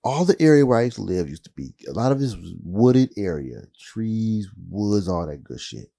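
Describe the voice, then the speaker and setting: A man telling rambling, profane stories in a casual comedic monologue, his voice jumping up high when he gets worked up. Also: very animated, normal speed, creaky, warm tone.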